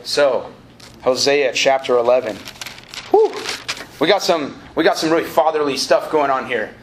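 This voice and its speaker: Here the preacher, a college ministry director, uses a mid-range, expressive voice at a moderate pace during a live sermon to students. He's conversational and joking and prompts call-and-response. The spacious college hall adds faint ambient noise.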